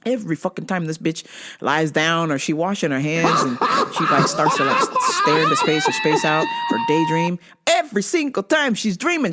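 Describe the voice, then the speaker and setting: Animated, profane woman ranting with shrieking laughs. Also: lowish voice, slight background noise. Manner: acts out voices in quoted asides. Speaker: podcast host. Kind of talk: casual comedic rant.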